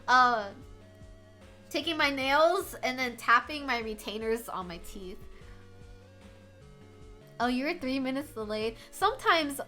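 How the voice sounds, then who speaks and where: A woman's voice: high-pitched, pushed and bright. A young woman streamer chatting casually and rambling into a headset mic, with a slight lisp from her retainers, laughing often and swearing casually. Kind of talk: casual live-stream chat. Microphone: headset microphone at a home streaming setup.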